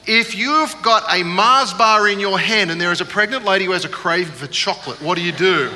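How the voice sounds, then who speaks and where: Bright-voiced pastor in a hall. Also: male voice, high-pitched, fairly quick, hardly any pauses, a little hiss or hum. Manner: humorous storytelling, animated. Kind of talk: sermon. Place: church.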